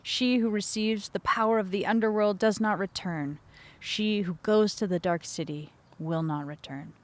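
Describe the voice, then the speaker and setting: A woman's voice: mid-range voice, moderate pace, lightly acted. A woman playing an angry old moon god. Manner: curt, angry.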